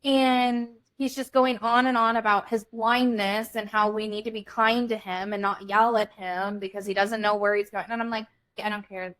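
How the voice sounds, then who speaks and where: A young woman with an average-pitched voice tells a story in a relaxed podcast chat. She is blunt and lively and swears without hesitation. She keeps the story rolling between quick asides. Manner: animated, blunt, swears freely. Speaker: podcast co-host.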